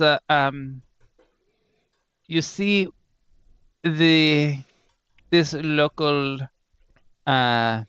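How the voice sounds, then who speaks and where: A man voicing a smooth, sinister male tower patron who sips wine, speaking with a halting put-on accent. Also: mid-range voice, fairly bright tone, dry recording, muffled recording.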